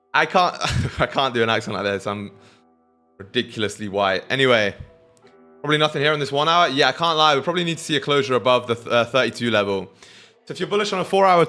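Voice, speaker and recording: A man's voice: medium pitch, pushed and bright. A young British man chatting casually on a live trading stream, slangy and talking straight to his chat.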